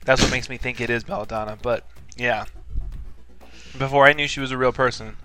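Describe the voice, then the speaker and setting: A man telling game stories in a casual, animated way, peppered with "like". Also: medium pitch, fairly quick, clear, resonant tone, faint music behind. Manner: animated storytelling, lots of "like". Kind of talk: casual chat about a video game.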